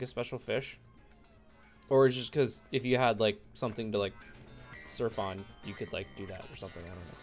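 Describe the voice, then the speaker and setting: A man giving casual, rambling let's play commentary, sarcastic and chatty with viewers. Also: mid-range voice. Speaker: gaming YouTuber.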